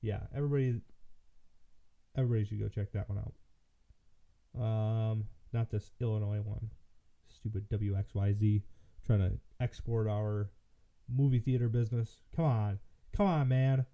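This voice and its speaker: A man's voice: on the low side, fairly even intonation, moderate pace, long pauses. A man from Michigan hosting casual political commentary, rambling and hesitant with many fillers and restarts, sounding tired. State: tired, yawning. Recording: muffled lo-fi audio.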